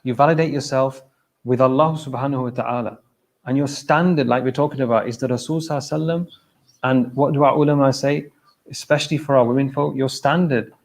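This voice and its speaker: A man's voice: mid-range voice, creaky, rough recording. A man giving an informal religious talk at a mosque. He speaks conversationally, repeats phrases and keeps checking in with his listeners.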